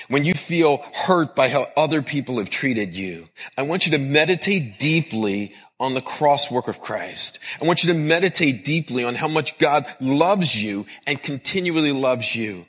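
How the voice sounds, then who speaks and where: Man, pastor preaching, earnest repetitive cadence, bright voice, husky edge, long hall reverb. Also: medium pitch, lively intonation, unhurried. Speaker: pastor and counselor. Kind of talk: sermon.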